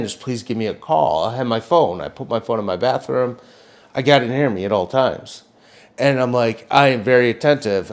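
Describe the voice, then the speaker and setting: A man co-hosting a podcast, telling a story in casual chat, swearing often and jumping up in pitch when he gets worked up. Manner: animated storytelling, swears a lot, voice jumps up when excited. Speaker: podcast co-host.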